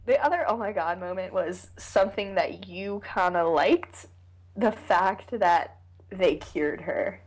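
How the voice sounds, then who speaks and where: A young woman co-hosting a casual podcast, talking in an animated, jokey way about a cartoon episode. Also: lowish voice, measured pace. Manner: animated, jokey, slips into silly voices. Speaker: podcast co-host.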